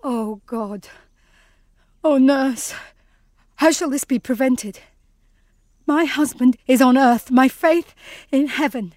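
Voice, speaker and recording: Brief: actress as a desperate young daughter, high, pleading voice. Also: female voice, slow pace, long pauses, a little mellow. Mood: despairing. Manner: pleading, anguished. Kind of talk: classical stage drama.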